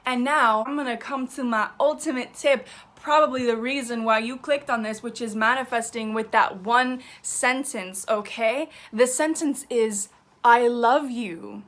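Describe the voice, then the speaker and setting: Young woman, YouTube vlogger, higher-pitched voice, chatty, emphatic, casual swearing. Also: moderate pace, hardly any pauses, a bit bright. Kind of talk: casual vlog advice.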